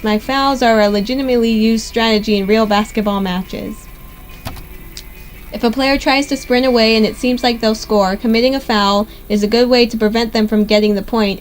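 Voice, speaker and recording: A young woman hosting a gaming channel, reading a visual novel aloud in steady first-person narration. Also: a little high, poor audio.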